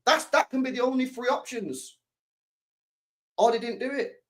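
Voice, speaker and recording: A man's voice: extremely high pitch, moderate pace. A young man, hosting a podcast in a casual, swearing rant full of rhetorical questions. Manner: animated, swears a lot, fires rhetorical questions. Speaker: podcast host.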